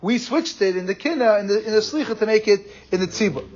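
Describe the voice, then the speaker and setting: A man teaching a Torah class, explaining quickly and animatedly, with Hebrew and Yiddish terms in his English. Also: high voice, expressive, a little mellow. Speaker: rabbi giving a class. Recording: muffled lo-fi recording.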